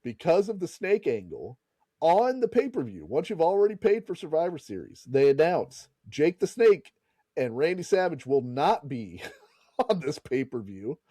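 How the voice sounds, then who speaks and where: A man's voice: on the high side, big pitch swings, normal speed, mellow, breathy edge, no room sound. A man hosting a podcast, casually retelling a story and laughing and swearing as he goes. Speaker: podcast host.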